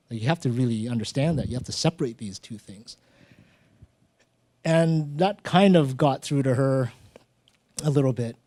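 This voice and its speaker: A man hosting a live storytelling event on stage, talking in a relaxed, conversational way and acting out little exchanges from his own stories. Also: mid-range voice, moderate pace, pauses often, no room sound. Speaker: host of a live storytelling show.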